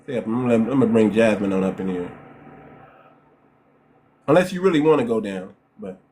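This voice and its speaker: A man's voice: on the low side, lively intonation, a little fast, warm tone. A man with a New York accent hosting a live-stream debate, lecturing emphatically and repeating himself. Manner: emphatic, repetitive, lecturing, keeps saying ma'am.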